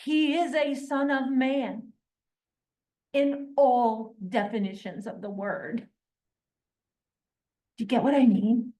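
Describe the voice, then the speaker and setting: A woman reads a novel aloud at an unhurried pace, then talks it over with a class. Her voice sits a little high, and she presses her points earnestly, checking that listeners follow. The mic is well back in a reverberant room. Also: fairly even intonation, mellow. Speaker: book discussion leader. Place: classroom or church meeting room. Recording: echoey room, mic far off.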